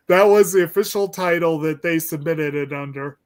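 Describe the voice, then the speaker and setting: Slow, rambling man hosting a movie chat. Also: on the high side. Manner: rambling, hesitant, many ums and restarts. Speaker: podcast host. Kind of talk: casual movie discussion.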